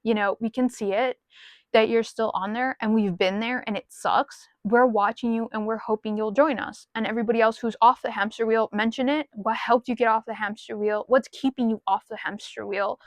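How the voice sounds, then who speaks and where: A woman's voice: fairly high pitch, steady tone, fairly quick, no room sound. A woman talking casually to her viewers from her car, frank and rambling, with small self-deprecating asides, into a small mic plugged into her phone. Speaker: vlogger. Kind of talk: casual talk to camera.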